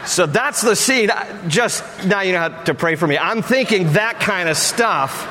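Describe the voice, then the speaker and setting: A man preaching a sermon, telling a Bible story with playful acted-out voices, then turning softer and earnest. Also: high voice, animated, normal speed, long reverb tail, background noise. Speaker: pastor.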